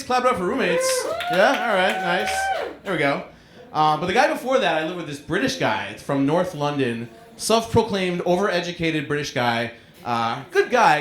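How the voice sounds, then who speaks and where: Stand-up man, forties, New York accent, self-deprecating crowd work, roomy club with a loud laughing audience. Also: high voice. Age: 40s. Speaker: stand-up comedian. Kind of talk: live stand-up set. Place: small comedy club, live audience.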